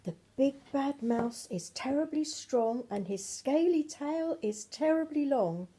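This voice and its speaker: A woman reading aloud and voicing a big father gruffalo telling tales, in a slow, dramatic storybook delivery. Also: sits high, lively intonation, warm tone, pitched above the performer's own voice.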